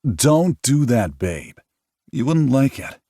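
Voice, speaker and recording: A man's voice: medium pitch, very animated, slow pace, dark tone, no room sound, clean studio sound, voice pushed up, heavily acted. A man voicing a blunt, protective grown man with a teasing way of talking.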